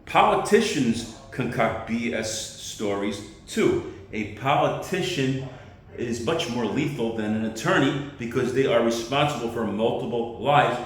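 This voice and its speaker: A man's voice: medium pitch, expressive, measured pace. A man doing a rambling, self-deprecating stand-up monologue as an amateur comedian. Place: outdoors on a pile of dirt. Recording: very echoey spot.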